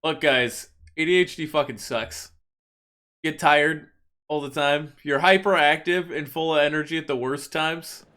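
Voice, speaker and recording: A man streaming a game, talking casually and profanely, venting in an animated way with loud mock outbursts. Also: fairly high pitch, measured pace, clear, resonant tone. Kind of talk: casual gaming stream commentary.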